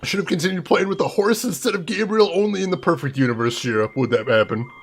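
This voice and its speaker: Speaking fast in a high-pitched voice with a breathy edge, this young man hosts a live game stream. His commentary is casual, playful and chatty, and he calls out viewers by name.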